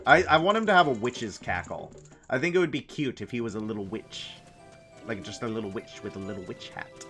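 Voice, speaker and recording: A man's voice: medium pitch, expressive, brisk, fairly bright tone, faint music behind. A man casually chatting and giggling while streaming a game, rambling between thoughts. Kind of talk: casual let's-play chat.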